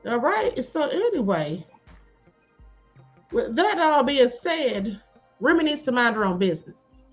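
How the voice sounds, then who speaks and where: Sassy woman streamer, high voice, slightly dull sound with faint music behind. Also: unhurried. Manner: sassy, animated, calls viewers beloved and honey. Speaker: live stream host. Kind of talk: live commentary reading chat.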